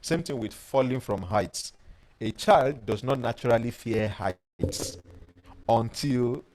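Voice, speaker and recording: A man, a life coach teaching a webinar and telling personal stories in an animated way. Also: mid-range voice, slow pace, a little hiss or hum, poor audio. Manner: animated storyteller who reads out viewer comments.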